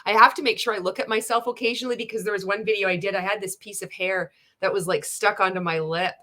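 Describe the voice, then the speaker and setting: A woman's voice: mid-range voice, fairly even intonation, fast talker, pushed and bright. A woman from Canada hosting a reaction video, talking in casual, sarcastic commentary full of swearing and laughter. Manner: profane, sarcastic, laughing often.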